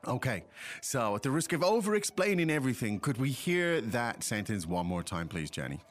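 Chatty man explaining, lively pitch. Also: moderate pace, faint music behind. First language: English. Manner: chatty, explanatory, prompts co-host. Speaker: language podcast host. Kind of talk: casual teaching chat.

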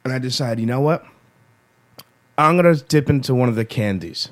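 A man with a middle-pitched voice tells a long, loose story in a relaxed podcast chat. He rambles, restarts his sentences and swears freely. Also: moderate pace. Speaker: podcast co-host. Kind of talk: casual chat.

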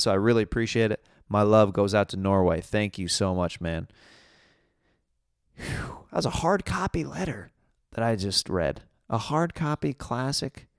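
A man's voice: medium pitch, no echo, studio quality. A man hosting his podcast in a casual, rambling, upbeat way, laughing often. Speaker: podcast host. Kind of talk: casual solo podcast chat.

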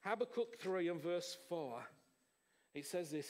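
A man, preaching an informal charismatic sermon in an excitable, rambling way. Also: high-pitched, a little slow.

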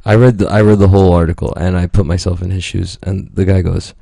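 A man's voice: low voice, flat delivery, fast talker, gravelly, dark tone, no room sound, clean studio sound. A man telling a story in casual podcast chat, rambling, profane and joking.

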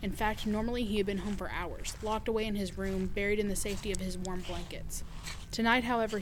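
Woman reading a story over steady noise. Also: medium pitch. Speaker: narrator.

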